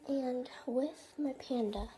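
A woman vlogging casually at her grandmother's house, often dropping to a hushed whisper and rambling in a hesitant, self-conscious way. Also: high voice, takes it slowly. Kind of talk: casual show-and-tell vlog.

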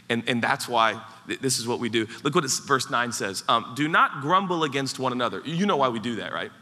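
A man preaching a sermon as pastor, animated and playful, acting out mock voices as he goes. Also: medium pitch. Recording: large hall with long reverb.

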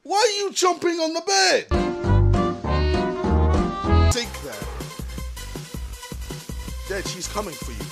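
A man's voice: very high voice, huge pitch swings, slow pace, gravelly, long pauses, loud music behind the voice. A man playing a horror game, screaming and swearing in panic as he plays. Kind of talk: frantic gaming commentary.

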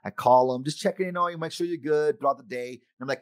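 A middle-aged man giving a conference keynote, animated and acting out the voices of friends and himself. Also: on the high side, quick pace, hardly any pauses, no room sound, studio quality. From United States. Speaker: conference speaker. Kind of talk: keynote talk.

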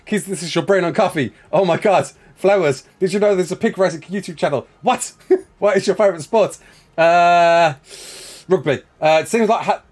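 A young man with a Brummie accent, live-streaming a survival game and reading out chat questions in a rapid, excitable way with frequent laughter. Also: sits high. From West Midlands, England.

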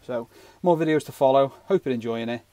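A man's voice: medium pitch, a little fast, background noise. A man giving a casual, rambling fishing knot tutorial with jokey asides. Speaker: fishing channel host.

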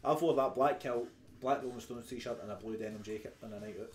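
A young Scottish man rattles off blunt, sweary remarks at a quick clip. His voice sits mid-pitched and plain. The room rings with echo, and faint music plays behind. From Scotland. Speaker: podcast co-host. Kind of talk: casual banter over beers. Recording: echoey garage with music behind.

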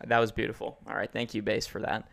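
A man's voice: fairly low pitch, little pitch movement, quick pace, vocal fry, fairly bright tone, a little hiss or hum. An American man hosting a podcast over a call, chatting casually and teasing his co-hosts. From United States. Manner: teasing, joking banter. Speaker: podcast host. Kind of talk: casual chat. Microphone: video call.

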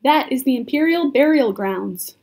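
A woman's voice: high-pitched, expressive, moderate pace, darkish tone. A woman voicing a grave, kindly male scholar in a storybook read-aloud, explaining patiently.

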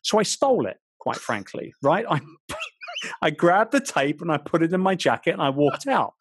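A British man in his forties, an author guest telling animated stories in an interview, often restarting his sentences. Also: on the high side, normal speed, slight background noise. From England. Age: 40s. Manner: animated storyteller, frequent restarts. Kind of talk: storytelling interview chat.

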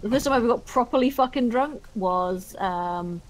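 While playing a game with a friend, a young woman gaming streamer with a fairly high voice chats bluntly at a normal speed. She jokes around casually and swears a lot.

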